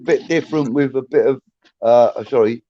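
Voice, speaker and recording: A man's voice: mid-range voice, normal speed, warm tone, no echo, dull audio. A man hosting a casual chat, reading out viewer comments in a laid-back way and swearing freely. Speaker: podcast host reading chat.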